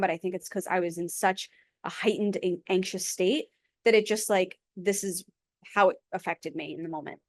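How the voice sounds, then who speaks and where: A woman's voice: medium pitch, dry recording, studio quality. A young woman hosting her own podcast, telling a personal story frankly in a casual, chatty way, with lots of "like". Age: young adult. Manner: chatty, heavy use of "like", frank. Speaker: podcast host. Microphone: own mic.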